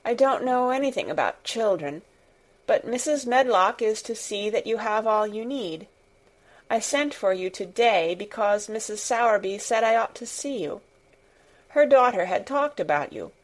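A woman voicing a tired, distracted middle-aged gentleman who speaks in a worried, absent-minded way. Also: fairly high pitch, expressive, moderate pace, natural voice. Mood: weary.

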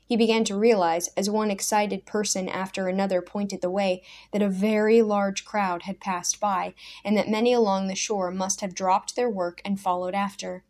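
Soft-spoken woman reading a story aloud. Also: mid-range voice, steady tone, normal speed, hardly any pauses. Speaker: narrator. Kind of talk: scripted audiobook narration.

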